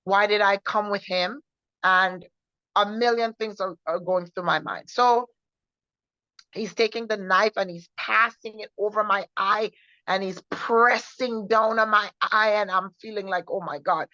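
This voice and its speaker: A woman co-hosting a faith show, recounting her personal testimony in an earnest, halting way with many restarts. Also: medium pitch, fairly even intonation, sharp tone, no room sound. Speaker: co-host sharing her testimony. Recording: dull, muffled sound.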